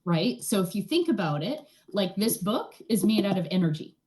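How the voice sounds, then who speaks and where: A woman's voice: medium pitch, moderate pace. A woman speaking as a guest in an interview, explaining things in a chatty, casual way and often checking in with "right?". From Canada. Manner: chatty, often tags "right?", animated asides. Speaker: energy healer, guest.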